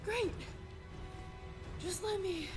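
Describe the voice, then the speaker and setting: An actress voicing a cheerful young female follower in a fantasy video game, over loud game music. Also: extremely high pitch, drawn-out words, heavily acted. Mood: lively. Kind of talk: video game character dialogue.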